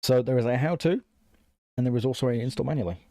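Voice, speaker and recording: A man's voice: medium pitch, fast talker, mellow, no room sound. A man streaming live while he works on a computer build, thinking aloud, answering chat and often apologizing. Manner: apologetic, self-conscious.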